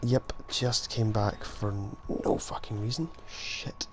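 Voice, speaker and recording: Sleepy young guy doing let's-play commentary, talks slow, cracks jokes and swears under his breath. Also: fairly low pitch, fairly even intonation, background noise. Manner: jokey, swears, mutters to himself. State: tired and sleep-deprived. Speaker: gaming commentator. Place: at home at night.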